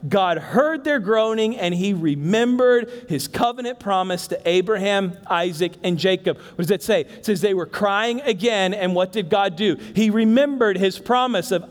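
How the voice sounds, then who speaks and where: A man preaching a sermon as pastor, moving from hushed emphasis to loud bursts and talking directly to the congregation in asides. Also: sits high, normal speed, hardly any pauses. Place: church sanctuary. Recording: long reverb of a large church hall.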